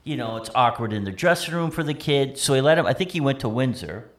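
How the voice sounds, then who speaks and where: A man's voice: mid-range voice, animated, fast. A man co-hosting a casual podcast, eagerly adding context and prompting the host to tell stories. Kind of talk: casual chat.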